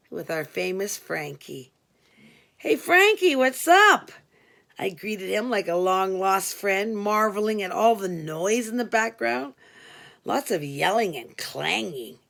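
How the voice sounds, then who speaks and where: A woman reading a novel aloud in an expressive way, doing voices for the characters. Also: medium pitch, vocal fry. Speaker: audiobook reader.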